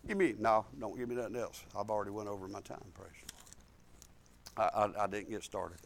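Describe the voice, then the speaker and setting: An older man, a pastor telling family stories in a sermon and swinging from soft asides to bold, loud preaching. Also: lowish voice, a little fast. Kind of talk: storytelling sermon.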